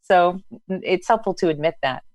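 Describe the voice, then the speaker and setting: A woman in her thirties recounts teaching mishaps with lively energy. Her voice sits on the lower side, recorded dry and close. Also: normal speed, no echo. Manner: animated, acts out past dialogue. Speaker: biology instructor, guest. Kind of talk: storytelling in conversation.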